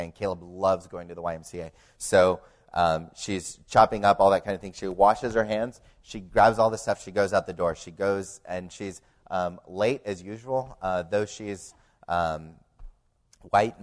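A man telling his family's story as a personal faith testimony, halting with many fillers and growing much quieter in the tense parts. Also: sits low.

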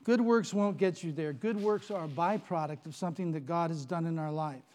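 A man preaching a sermon, telling stories in an animated, playful way. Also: a little high, fairly quick. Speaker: pastor.

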